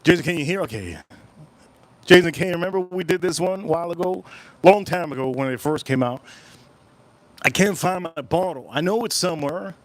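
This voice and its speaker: Higher-voiced man rambling on a livestream. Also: expressive, fairly quick, pauses often, dry recording. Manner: rambling, repeats phrases, chants viewer shout-outs. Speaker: livestream host. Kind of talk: casual livestream chat.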